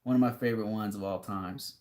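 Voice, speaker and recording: A man's voice: on the low side, steady tone, fast talker, darkish tone. Laid-back man rambling to his chat. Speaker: streamer reading chat. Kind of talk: casual live-stream chat.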